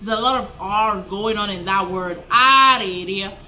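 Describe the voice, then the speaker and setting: A woman's voice: medium pitch, steady tone, pushed and bright. A woman teaching words in a casual vlog lesson, repeating each word and correcting herself as she goes. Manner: repeats words slowly, self-correcting, chatty. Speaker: language teacher.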